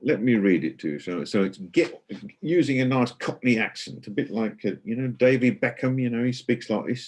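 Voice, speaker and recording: A man's voice: medium pitch, expressive, normal speed, a little mellow, husky. A middle-aged man giving an online guided tour, chatty and explanatory, with many hesitations and fillers.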